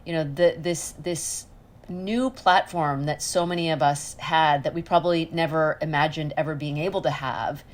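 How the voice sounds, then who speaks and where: A middle-aged woman with a slightly low-pitched voice talks as a podcast guest. She is earnest and reflective, and she circles back and restarts as she works out her thoughts. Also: steady tone, normal speed. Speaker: guest journalist. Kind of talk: casual podcast conversation.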